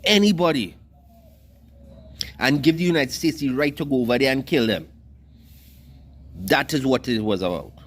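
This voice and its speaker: A man's voice: medium pitch, normal speed, pauses often. A man with a Trinidadian Creole accent, delivering a heated, scornful monologue and cussing freely. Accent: Trinidadian Creole English. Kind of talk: ranting monologue.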